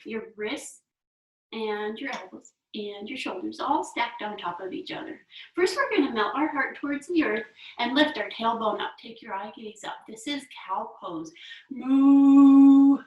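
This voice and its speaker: A woman's voice: fairly high pitch, animated, normal speed, fairly bright tone, far from the mic, highs cut off. Young female kids' yoga teacher, playful and encouraging, echoey room. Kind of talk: guided kids yoga instruction. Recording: echoey room, away from the mic.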